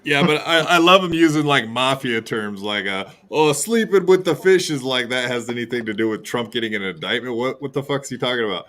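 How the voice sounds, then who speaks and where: A man's voice: medium pitch, fairly quick, few pauses, bright, forceful tone. A man hosting a podcast, reacting with disgusted, incredulous commentary. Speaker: podcast host. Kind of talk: casual podcast chat.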